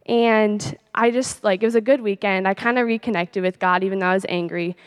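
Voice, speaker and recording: A woman's voice: mid-range voice, fairly even intonation, fairly quick, clean tone, dry recording. Chatty teenage girl, dry close sound. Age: late teens. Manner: chatty, peppered with "like" and soft laughs. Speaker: speaker sharing a faith testimony. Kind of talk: personal testimony talk.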